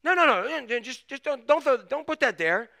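A man doing a shouting, fed-up dad. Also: very high-pitched, expressive, fairly quick, creaky, pitched above the performer's own voice, exaggerated voice. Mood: exasperated. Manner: shouting, scolding. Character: impatient yelling father scolding his young son.

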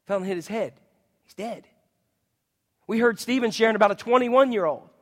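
A man preaching a sermon, swinging between loud, emphatic declarations and hushed, quiet passages. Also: sits high, moderate pace, big-room sound. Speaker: pastor.

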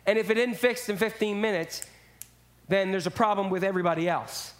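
A man's voice: high-pitched, a little fast, a bit bright. A man preaching a sermon in a church, speaking casually and acting out quotes in character voices. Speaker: pastor.

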